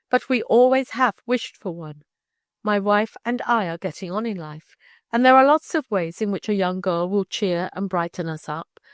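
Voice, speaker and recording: A woman reading the part of a kindly older man who gently and earnestly persuades a young girl. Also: on the low side, dry recording, studio quality, close to an everyday voice. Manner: warm, coaxing, persuasive.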